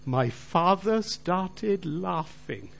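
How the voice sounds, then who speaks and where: A man's voice: high voice, lively intonation, extremely slow, creaky, fairly bright tone. Earnest middle-aged man telling his testimony. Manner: earnest storytelling, direct appeals to listeners. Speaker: Christian businessman giving testimony. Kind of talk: personal faith testimony.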